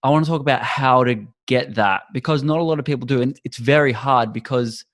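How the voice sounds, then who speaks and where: Man, podcast host, casual, average pitch, loose phrasing. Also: a little fast. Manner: casual, searching phrasing with restarts. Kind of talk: podcast interview.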